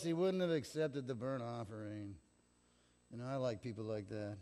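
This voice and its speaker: A middle-aged pastor with a warm, mid-range voice preaches a sermon at a normal pace, telling stories in a casual, conversational way and acting out the people he quotes. He's in a church sanctuary, and the recording carries a long church reverb.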